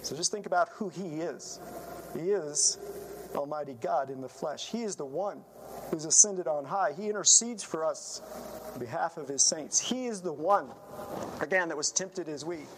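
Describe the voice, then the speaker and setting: A man's voice: fairly high pitch, moderate pace, slight background noise, poor audio. A man preaching a sermon in an earnest, emphatic manner, often letting his phrases trail off.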